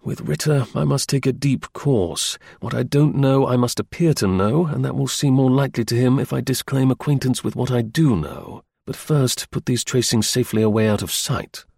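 A man voicing a calm, stern male detective who gives firm, measured orders in an audiobook reading. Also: medium pitch, creaky, slightly rough, dry recording, clean studio sound.

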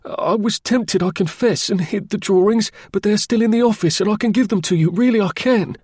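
A man's voice: high-pitched, brisk, a little mellow, breathy edge, dry recording, clean studio sound, voice pushed up. A man voicing a frightened young male clerk caught stealing, pleading in an audiobook reading. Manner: pleading, breathless.

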